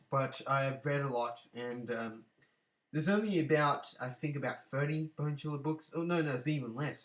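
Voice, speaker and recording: A man's voice: medium pitch, fairly bright tone. A man in a casual vlog, talking about his book collection in a rambling way, with many fillers and apologies. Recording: echoey room.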